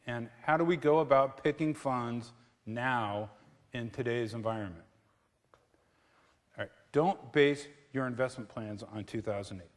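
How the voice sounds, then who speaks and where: A man's voice: mid-range voice, long reverb tail. A middle-aged man speaking on a theatre stage as a guest speaker on investing, casual and joking, with many fillers and restarts. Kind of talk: live public talk with jokes.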